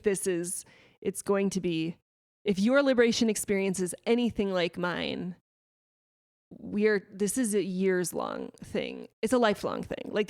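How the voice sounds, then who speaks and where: A woman in her thirties hosting a podcast, talking candidly and reflectively, with frequent restarts and soft laughs. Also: medium pitch, gravelly, no room sound, clean studio sound. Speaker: podcast host. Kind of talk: candid conversational podcast talk.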